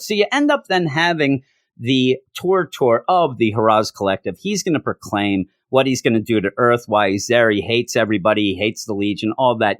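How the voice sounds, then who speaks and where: A man's voice: mid-range voice, no room sound, studio quality. A man casually reviewing a comic book, sarcastic, reading out lines in mocking voices.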